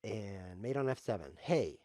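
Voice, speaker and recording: A man's voice: fairly low pitch, animated, unhurried, warm tone, no room sound. A man casually commenting on his own chess game on a live stream, joking, teasing himself and wandering off on playful tangents. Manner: jokey, self-mocking, playful tangents.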